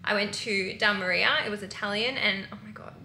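Brief: Australian woman vlogger, chatty and candid, sharp bright voice with a raspy edge. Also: mid-range voice, steady tone, fairly quick, echoey room, slight background noise, rough recording. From Melbourne, Australia. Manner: chatty, candid, swears casually. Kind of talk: casual travel vlog chat. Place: hotel room and streets outdoors.

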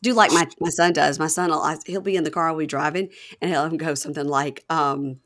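A woman's voice: sits low, steady tone, a little fast, fairly bright tone. A woman podcast host chatting casually as she recaps a show, acting out quotes in a raised voice.

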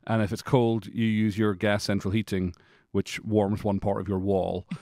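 A middle-aged man with a Scottish accent softened toward American, co-hosting a podcast in a chatty, self-deprecating way full of asides. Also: lowish voice, flat delivery, normal speed, no room sound, clean studio sound. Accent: Scottish, worn toward American. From Scotland. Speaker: podcast co-host. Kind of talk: casual conversational podcast chat.

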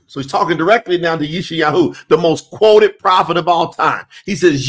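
A man's voice: on the high side, normal speed, few pauses, fairly bright tone. A man teaching scripture, reading verses aloud and stressing them emphatically with rhetorical questions. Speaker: Bible teacher.

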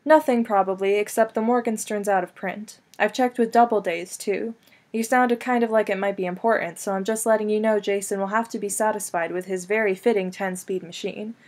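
A clipped, probing wife with a psychiatrist's edge, as a woman reads her in an audiobook. Her voice stays at an ordinary middle pitch, curt and level. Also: fairly even intonation, fairly quick, a little mellow, lightly acted. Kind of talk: audiobook reading.

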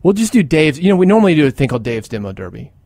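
Relaxed male radio host. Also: a little high, very fast, no room sound, studio quality. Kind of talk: radio interview.

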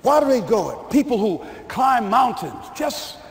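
A male motivational speaker with a very high voice that rises and falls constantly. He stresses his points by repeating them to an audience. The sound has long hall reverb and a faint hiss behind it. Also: very animated, measured pace, vocal fry. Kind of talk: motivational speech. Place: large hall before an audience.

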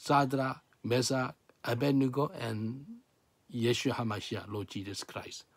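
A male pastor preaching a sermon dramatically, swinging from hushed to loud and asking many rhetorical questions. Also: medium pitch, steady tone, measured pace, no echo.

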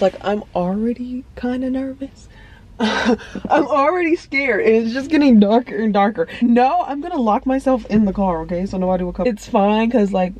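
The recording is muffled, carrying a medium-pitched, dark-toned voice. It belongs to a woman in her early twenties who chats casually with her viewers from a parked car, phone in hand, rambling and using many fillers.

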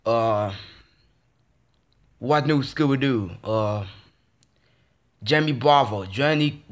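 A young vlogger with a medium-pitched, fairly bright voice rants in a casual vlog. He's frustrated and swearing, stumbling through many restarts and repeating phrases.

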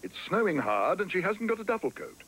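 A man's voice: high-pitched, very animated, fairly quick, a bit bright, a little hiss or hum, pitched above the performer's own voice, rough recording. A man voicing a small, polite talking bear who speaks earnestly in a storybook cartoon.

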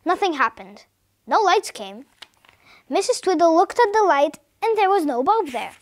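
Woman storyteller; high voice, very animated delivery. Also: normal speed. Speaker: story reader. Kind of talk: read-aloud storytelling.

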